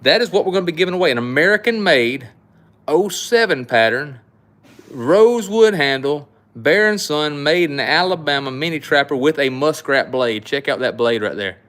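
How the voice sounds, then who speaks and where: A man's voice: a little high, lively intonation, moderate pace, a bit bright. A middle-aged man, hosting a live knife sale and chatting in a folksy, rambling way with his viewers. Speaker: knife shop host. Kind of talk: casual live-stream sales chat.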